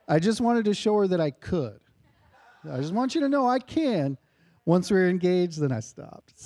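A man's voice: sits high, dark tone. A man hosting a church gathering, introducing speakers with playful jokes. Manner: playful and joking. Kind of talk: casual church emcee.

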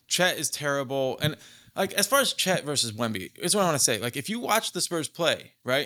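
A man on a casual sports podcast, mocking rival fans with heavy sarcasm. His voice is a touch high and sharply bright, with an animated, fan's energy. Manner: sarcastic, animated, fan arguing back. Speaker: podcast co-host.

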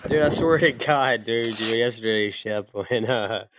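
A man's voice: medium pitch, unhurried, background noise. A man hosting a casual online talk show, laughing often and swearing freely. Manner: laughing, loose and profane. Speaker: podcast host. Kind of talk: casual chat.

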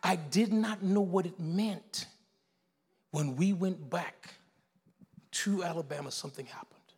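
A man, preaching a sermon as pastor, telling a story in hushed tones and building to shouted exhortation. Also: high-pitched, a little slow, slightly rough, in a large hall.

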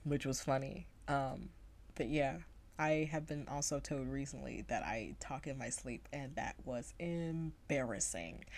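A young woman with a low voice chats through a story for her podcast. She rambles along, piling up fillers and breaking off to start over, in an easy casual way. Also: fairly bright tone. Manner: chatty, rambling, many fillers and self-corrections.

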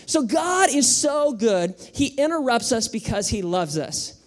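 A man in his thirties preaching a sermon as pastor, in a relaxed, conversational way full of everyday anecdotes. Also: very high voice, a little slow.

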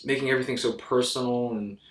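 A man co-hosting a casual film review chat, animated and mocking, swearing casually. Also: medium pitch, fast. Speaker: podcast co-host. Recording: echoey room, a bit off mic.

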